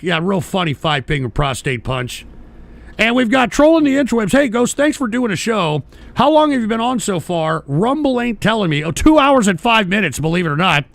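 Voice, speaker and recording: Hosting a live-streamed talk show, a man with a high, creaky voice reads chat messages and swears at trolls. He rambles in an exasperated way, restarting sentences and bursting into shouts, and there's no echo.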